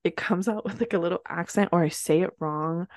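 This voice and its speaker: A woman co-hosting a casual podcast chat, talking quickly and expressively and laughing often. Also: fairly low pitch, a little mellow, dry recording, studio quality. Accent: slight Latina accent at times. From Latina, grew up bilingual in Spanish and English. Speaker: podcast co-host.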